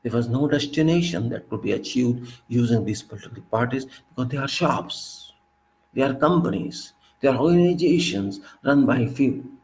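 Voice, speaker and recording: A man's voice: medium pitch, lively intonation, moderate pace, darkish tone, slight background noise, low-quality recording. A man from India delivering an impassioned, scolding monologue, full of repeated rhetorical questions. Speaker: political commentator.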